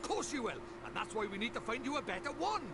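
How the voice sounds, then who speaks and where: Drippy, a sing-song Welsh fairy sidekick. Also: male voice, very high voice, sing-song. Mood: eager. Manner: bossy, fast, sing-song chatter. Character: cheeky little male fairy sidekick, chatty. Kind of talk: video game dialogue. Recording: game audio with loud background noise.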